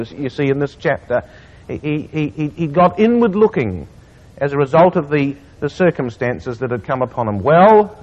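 A man delivers a sermon in a slightly husky, fairly high voice that rises and falls with lively emphasis. He slows to read scripture with weight. The recording is muffled and carries a long hall reverb. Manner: earnest, with slow emphatic scripture reading. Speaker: preacher.

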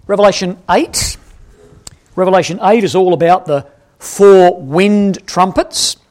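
A man's voice: high voice, a little slow. A man preaching an expository Bible lesson, quizzing his audience and correcting himself as he goes. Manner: animated, asks the audience questions, self-correcting.

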